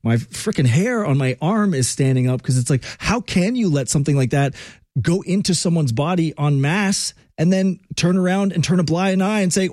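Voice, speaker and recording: A man's voice: a little high, moderate pace, darkish tone, dry recording. A male podcast host speaking heatedly and indignantly in an interview. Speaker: show host.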